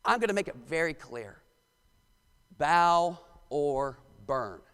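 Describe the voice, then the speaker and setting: A man's voice: sits high, big pitch swings, moderate pace, fairly bright tone, exaggerated voice. Boastful angry king, as a preacher puts him on. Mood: threatening. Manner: boastful, threatening. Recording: long church reverb.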